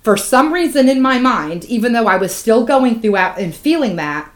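A woman co-hosting a podcast, telling a painful personal story with raw emotion and plenty of swearing. Her voice drops low and hushed, then climbs loud and heated. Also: expressive, moderate pace. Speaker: podcast co-host. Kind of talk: candid podcast chat.

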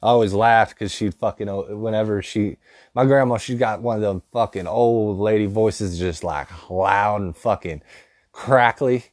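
A man with a fairly low voice tells crude, rambling stories, swearing in nearly every line. He talks loosely and casually, and the recording is dry and close with no room echo. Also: moderate pace. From rural dairy farm upbringing. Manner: profane, rambling, laughs at own stories. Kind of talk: casual comedic storytelling.

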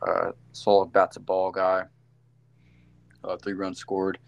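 Man, very deep voice, gravelly fry, casual sports podcast co-host, rambling with fillers. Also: monotone, takes it slowly, highs cut off. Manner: rambling, self-correcting with many fillers.

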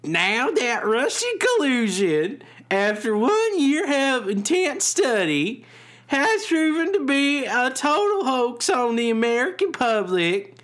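A man doing a mock-serious impression of a boastful president, slow and pompous. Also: very high voice, sing-song, fairly bright tone, pitched above the performer's own voice, full character voice. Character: impression of a boastful male president reading his own posts.

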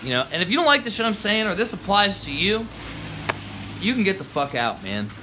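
A man's voice: high-pitched, big pitch swings, a little fast, noisy background. A man, ranting heatedly and profanely on his porch, dropping "man" and "yo" throughout. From Baltimore, Maryland. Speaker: vlogger. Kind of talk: profane outdoor rant. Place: front porch outdoors in the rain.

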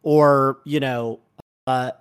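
A man's voice: mid-range voice, steady tone, drawn-out words, clear, resonant tone. A man in a conversational discussion, speaking thoughtfully and affirming the others' points.

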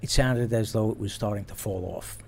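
A man and former police officer telling stories in casual chat, animated and laughing as he goes. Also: fairly low pitch, a little fast, creaky, a little hiss or hum. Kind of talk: casual storytelling.

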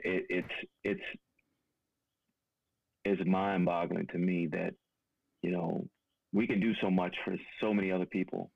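Blunt, deep-voiced man telling a story. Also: gravelly, dry recording, dull audio. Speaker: podcast co-host. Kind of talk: casual conversation.

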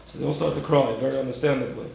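A man giving a Torah class, animated and rhetorical, acting out the story with sudden high bursts. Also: rapid-fire, creaky, a little hiss or hum. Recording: very echoey room.

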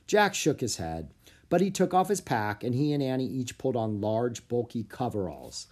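Expressive children's storybook narrator. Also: mid-range voice, normal speed. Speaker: audiobook narrator. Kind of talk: children's book read aloud.

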